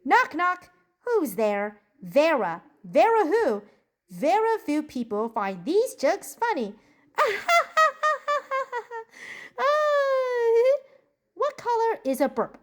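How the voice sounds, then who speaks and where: A chatty, bookish cartoon girl, voiced by a woman, rattles off jokes and journal entries in a bubbly, giggly way. Her voice sits high and swings up and down with animated energy. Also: takes it slowly, exaggerated voice. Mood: cheerful joking. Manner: bubbly, giggly joke-telling. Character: cheerful bookish preteen girl, upbeat and chatty. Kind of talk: journal-style character monologue.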